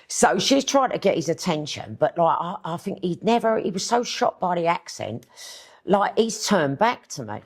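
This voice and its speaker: Casting: middle-aged East London woman, gravelly voice, blunt, cheeky and unfiltered. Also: fairly low pitch, very animated, moderate pace. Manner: blunt, chatty, swears freely. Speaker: guest author. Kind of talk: casual interview storytelling.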